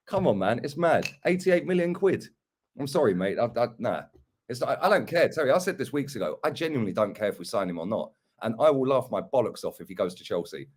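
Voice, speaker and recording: A man's voice: mid-range voice, big pitch swings, brisk, darkish tone, husky. A young man ranting about football transfers in casual chat, mocking other fans. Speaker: football fan pundit.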